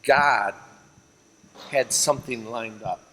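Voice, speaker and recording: A father and church leader giving a steady, earnest faith testimony in an interview. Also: mid-range voice, takes it slowly. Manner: steady, earnest, drops quiet on emotional lines. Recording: echoing reverb with faint ambient hiss.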